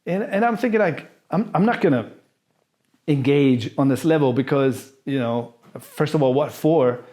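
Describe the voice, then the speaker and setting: A man's voice: medium pitch, normal speed, warm tone. A man telling a personal story in casual, candid speech, freely swearing and acting out the people he describes. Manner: candid, profane, acts out the people in his story. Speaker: vlogger answering viewer questions.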